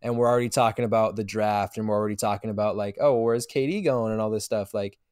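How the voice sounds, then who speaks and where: A man's voice: fairly low pitch, fairly even intonation, quick pace, darkish tone, clean tone, no room sound, clean studio sound. A man co-hosting a casual sports podcast, rambling and swearing with lots of fillers. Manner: rambling, profane, many fillers. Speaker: podcast co-host.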